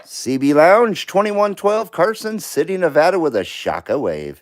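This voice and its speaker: Radio stream host guy, high voice, loose and jokey, little faint hiss behind. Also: big pitch swings, unhurried, rough recording. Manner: chatty, laughs often, reads viewer comments aloud. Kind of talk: casual live-stream chat.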